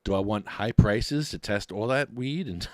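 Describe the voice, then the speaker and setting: A middle-aged man, hosting a podcast and ranting in a mocking, animated way. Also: lowish voice, unhurried, no room sound, studio quality. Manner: animated, mocking, laughs often. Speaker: podcast host.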